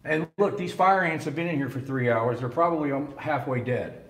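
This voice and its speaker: A man's voice: medium pitch, brisk, fairly bright tone. A man hosting a vlog, mocking and goading the police in a sarcastic tone. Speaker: video host confronting police. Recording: echoey, from afar with faint noise.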